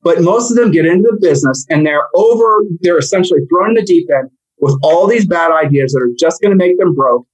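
Male guest, slightly husky, fairly high voice, talks fast in stops and starts, lots of asides. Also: rough recording. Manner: animated, rambling, jokey storyteller. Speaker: real estate coach, guest. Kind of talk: casual podcast chat.

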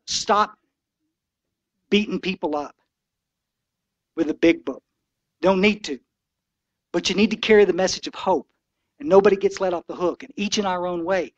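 A man's voice: sits high, normal speed, long pauses, no echo, muffled recording. Older guy preaching to a recovery meeting, folksy and fired up, dry close sound. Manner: passionate, folksy and preachy, with blunt asides. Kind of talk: impassioned talk to a recovery meeting.

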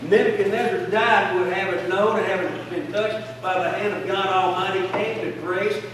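A man's voice: high-pitched, steady tone, normal speed, background noise. A man preaching a sermon with fervent call-and-response in a church. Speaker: pastor. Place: church sanctuary. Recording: echoey church hall from a distance.

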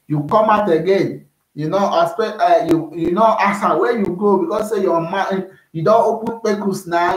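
A man's voice: on the high side, normal speed. Nigerian man vlogging in an echoey room. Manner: rambling, repeats "you understand me?". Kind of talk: casual monologue to camera.

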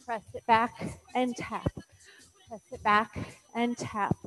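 A woman's voice: a little high, little pitch movement, slow, noisy background. A woman fitness instructor calling out moves in an exercise class, encouraging and counting, a little out of breath.

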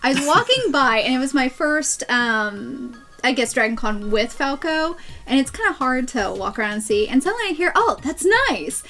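A woman's voice: sits high, sing-song, normal speed, hardly any pauses, sharp tone, soft background music. A woman co-hosting a podcast, telling a story in a bubbly, laughing way. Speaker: podcast co-host. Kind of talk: casual storytelling chat.

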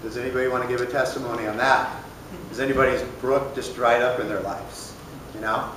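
A man's voice: mid-range voice, steady tone, a little fast. A man teaches a church recovery group in a loose, plain-spoken way, checking in with the room as he goes. The sound is very reverberant and distant, with faint room noise underneath. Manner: conversational, plain-spoken, asks the room questions. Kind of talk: casual sermon teaching. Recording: echoey room, voice from far off.

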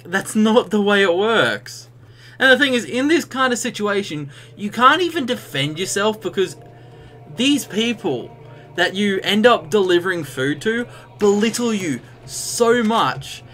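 Bright-voiced Australian man ranting. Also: high-pitched. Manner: ranting, chatty storytelling. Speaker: streamer. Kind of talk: live gameplay commentary. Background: game music.

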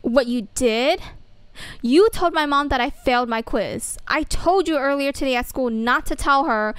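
A woman's voice: sits high, normal speed, fairly bright tone, no echo. Woman voicing a whiny teen girl, sighs a lot, dry recording. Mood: angry. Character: upset teenage schoolgirl, story's main girl.

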